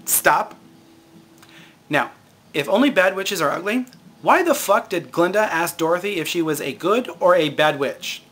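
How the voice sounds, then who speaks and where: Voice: mid-range voice, lively intonation, moderate pace, a bit bright. A vlog host delivering a sarcastic, profane comedic rant to camera and laughing often.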